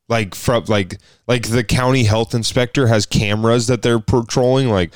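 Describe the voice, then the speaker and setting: A man co-hosting a podcast, telling a story in casual chat, animated and profane, acting out the people in it. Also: medium pitch, moderate pace, few pauses, dry recording, clean studio sound. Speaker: podcast co-host.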